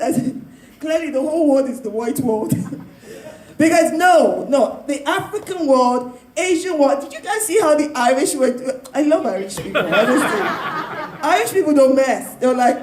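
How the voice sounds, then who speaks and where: A woman speaking in a panel discussion, loud and emphatic, often breaking into laughter. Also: sits high, big pitch swings, unhurried. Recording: roomy, echoey sound.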